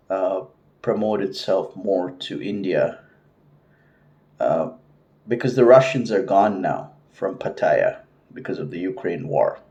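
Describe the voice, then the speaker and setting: Deep-voiced man rambling to camera. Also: a little mellow, dull audio. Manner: rambling, many fillers and restarts. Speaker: vlogger. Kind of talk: casual talk to camera.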